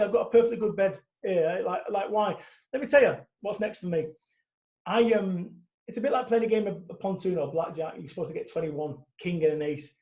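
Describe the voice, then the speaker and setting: Blunt fired-up guy in his 40s, high voice, echoey room. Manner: animated, blunt, swears. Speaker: guest speaker. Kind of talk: casual interview talk.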